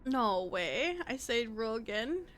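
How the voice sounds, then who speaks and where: A young woman streaming live, chatting casually and excitably to her chat, rambling and laughing at herself. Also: fairly high pitch, slow. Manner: excitable, rambling, self-deprecating, laughs often. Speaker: VTuber streamer.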